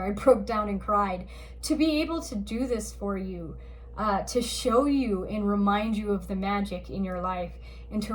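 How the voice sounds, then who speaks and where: A woman giving a gentle, reassuring spiritual card reading, speaking slowly and at times getting emotional. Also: medium pitch, a little hiss or hum. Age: adult parent of a school-age child. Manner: gentle, reassuring, slow, grows tearful and emotional. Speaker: oracle card reader.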